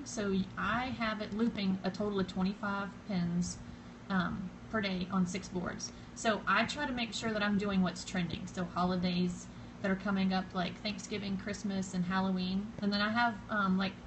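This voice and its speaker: A woman's voice: medium pitch, noisy background. A woman with a Southern US accent hosting a casual live-stream tutorial, chatty and rambling with many fillers, greeting viewers by name as they drop in. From Southern United States. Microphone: phone camera.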